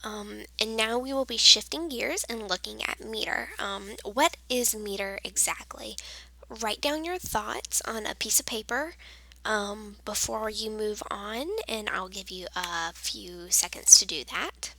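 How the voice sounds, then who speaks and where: A woman's voice: mid-range voice, vocal fry, no echo, low-quality recording. Woman teacher in whispered role-play. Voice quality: soft whisper mixed with quiet voice. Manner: patient, explains slowly with frequent fillers.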